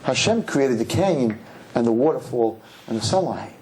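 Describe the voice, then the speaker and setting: A rabbi giving a humorous sermon to young people, telling stories and jumping into high, mocking voices. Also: male voice, moderate pace, a little hiss or hum. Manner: animated storyteller, jumps into high mocking voices. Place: synagogue hall.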